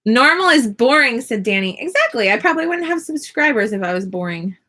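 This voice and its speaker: A woman vlogging from her home classroom, chatting casually and upbeat with quick laughs while she crafts. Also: mid-range voice, big pitch swings, sharp tone. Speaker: vlogger and online teacher.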